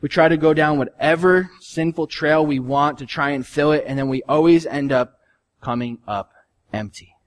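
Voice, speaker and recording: A male pastor preaching a sermon in an earnest, conversational way, his voice swinging from soft to loud. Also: a little high, normal speed.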